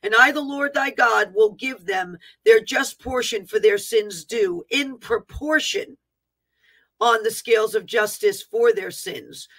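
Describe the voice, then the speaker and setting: Woman preacher, bright, sharp tone, declaiming a prophetic word with asides. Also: fairly high pitch, unhurried, poor audio. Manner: earnest, declaiming, with asides on capitalization. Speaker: prophetic minister.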